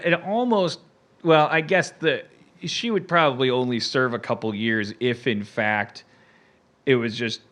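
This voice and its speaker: A man's voice: mid-range voice, a bit bright. A man hosting a comedy podcast, chatting loosely, rambling with frequent restarts and laughter. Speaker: podcast host. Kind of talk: casual comedic chat.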